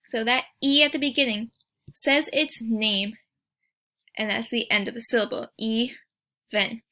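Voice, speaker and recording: A woman teacher giving a recorded spelling lesson, speaking patiently and sounding out each word slowly and clearly. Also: on the high side, fairly even intonation, bright, forceful tone.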